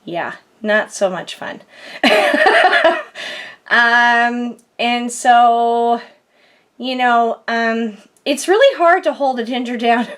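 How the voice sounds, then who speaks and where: Chatty giggling woman with high voice. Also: sing-song, extremely slow, fairly bright tone. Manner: rambling, giggly, frequent fillers. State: sore back, groans a little. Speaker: crafting vlogger. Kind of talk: casual chatty haul video.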